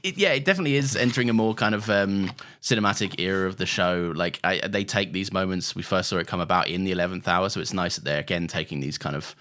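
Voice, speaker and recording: A man's voice: low-pitched, a bit bright. A man co-hosting a podcast in casual chat, laughing often and defending himself in jest. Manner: laughing, mock-defensive, quick to wave things off. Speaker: podcast co-host.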